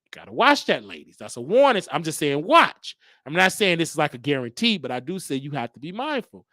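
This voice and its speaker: Campy gossip host, man, lively bright voice. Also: a little fast, no room sound, clean studio sound. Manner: campy, theatrical, swings into high falsetto; gossipy, teasing. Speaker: show host. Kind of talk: celebrity gossip commentary.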